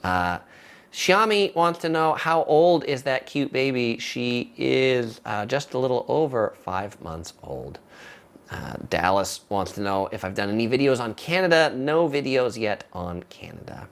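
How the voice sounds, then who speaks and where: Man, thirties, from southern california, casual live stream host, halting, lots of fillers. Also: mid-range voice, clean tone. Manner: relaxed, halting, many fillers and restarts. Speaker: live stream host answering viewer questions.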